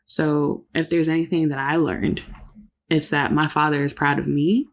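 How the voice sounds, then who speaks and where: A woman's voice: sits low, little pitch movement, moderate pace. Woman on a couples podcast, chatty and reflective, talks about faith. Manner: reflective, faith-filled storytelling. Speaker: podcast co-host. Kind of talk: casual chat.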